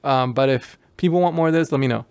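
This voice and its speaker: A man's voice: medium pitch, quick pace, darkish tone, smooth, dry recording. A middle-aged man hosting a VR video, rambling casually through his sign-off with many restarts and self-deprecating asides. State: out of breath from moving around. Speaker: VR video host.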